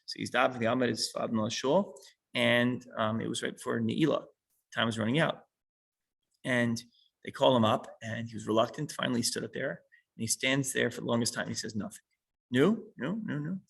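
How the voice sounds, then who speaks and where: Gravelly husky male teacher. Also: medium pitch, flat delivery, fairly quick, a bit bright, poor audio. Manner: explanatory, reads a line then unpacks it. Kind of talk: explaining a text to a small class.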